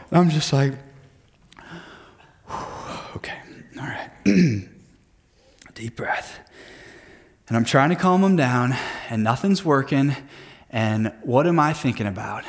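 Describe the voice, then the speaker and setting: Man, thirties, men's group leader, earnest devotional talk, personal anecdotes, mid-pitched voice.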